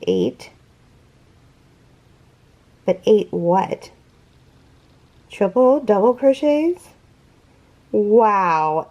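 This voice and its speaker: A woman's voice: medium pitch, darkish tone. A woman hosting a crochet unboxing vlog, gushing and awed, gasping and close to tears. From California. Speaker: crochet channel host.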